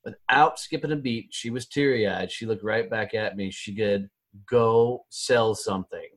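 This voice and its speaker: Man, lowish voice, laid-back podcast host, casual and swearing. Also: moderate pace, a bit bright, slightly rough, no echo. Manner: laid-back, swears, calls guest "dude". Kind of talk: casual chat.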